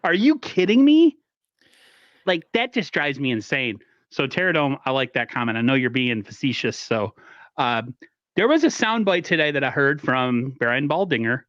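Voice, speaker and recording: A man's voice: medium pitch, expressive, moderate pace, sharp tone, no echo, highs cut off. A man co-hosting a sports podcast, fired up and swearing freely. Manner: fired up, profane. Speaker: podcast co-host. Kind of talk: casual sports podcast chat.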